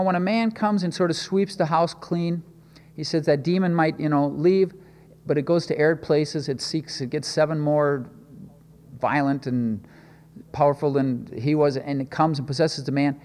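A man's voice: fairly high pitch, darkish tone, long reverb tail. A man preaching a conversational sermon, asking rhetorical questions and often restarting his phrases. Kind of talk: expository sermon.

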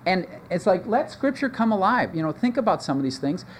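A man preaches an expository sermon in a chatty, animated way, his fairly high voice leaping up for emphasis and dropping low for asides. A faint noise sits under the recording. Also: fairly quick. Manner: animated, conversational, with sudden pitch jumps and asides. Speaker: pastor.

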